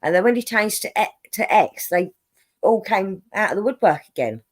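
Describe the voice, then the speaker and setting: A woman's voice: medium pitch, lively intonation, moderate pace. A woman, co-hosting a casual live stream and chatting while reading out viewer comments.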